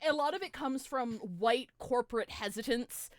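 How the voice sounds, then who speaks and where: A woman hosting a casual interview on a live stream, laughing often and chiming in with quick affirmations. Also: on the high side, no echo, clean studio sound.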